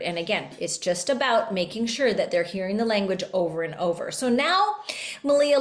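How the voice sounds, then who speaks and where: A woman hosting a talk for educators, explaining in a lively way and now and then slipping into sung examples. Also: on the high side. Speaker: podcast host and music educator. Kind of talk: casual teaching talk. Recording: roomy echo.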